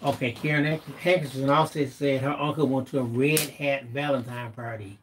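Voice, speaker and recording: A man co-hosting a live stream, relaxed and teasing as he reads viewer comments aloud. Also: medium pitch, normal speed, a little hiss or hum. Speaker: co-host reading viewer comments. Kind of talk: casual live-stream banter.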